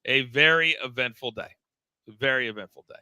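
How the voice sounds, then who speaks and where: Bright, animated middle-aged man storyteller. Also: mid-range voice, moderate pace, smooth, no room sound, low-quality recording. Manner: animated storyteller, stammers and repeats words. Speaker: podcast co-host, former wrestling coach. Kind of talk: casual wrestling talk-show chat.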